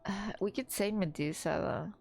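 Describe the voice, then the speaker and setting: A woman's voice: medium pitch, normal speed, creaky, a little mellow, faint music behind. A young woman streamer reacting emotionally to a game, gushing and slangy. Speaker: gaming streamer.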